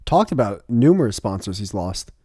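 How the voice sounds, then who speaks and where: A man hosting a podcast, chatting casually over an online call, animated, swearing a lot and laughing often. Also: on the low side, moderate pace, husky, no echo, clean studio sound. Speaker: podcast host. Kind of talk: casual chat.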